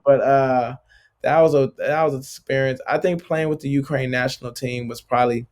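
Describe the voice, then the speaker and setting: A man's voice: mid-range voice, normal speed. A man in his late thirties, a basketball player as interview guest, telling stories loosely with lots of filler words. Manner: loose and filler-heavy, constant "like" and "bro", animated retelling. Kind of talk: casual storytelling interview.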